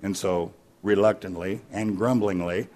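A man's voice: sits low, steady tone, measured pace, darkish tone. A man preaching a sermon in a folksy storytelling way, weaving jokes into scripture. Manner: folksy, anecdotal, with fillers and restarts. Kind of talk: sermon with humorous stories.

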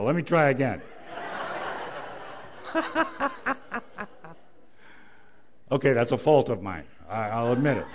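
A man preaching a sermon as pastor, emphatic, quoting scripture and telling a joke story. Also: mid-range voice.

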